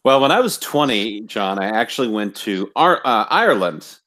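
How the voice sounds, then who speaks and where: A man's voice: on the low side, lively intonation, moderate pace, a bit bright. A man co-hosting a casual wrestling podcast, sarcastic and emphatic in his banter. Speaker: podcast co-host.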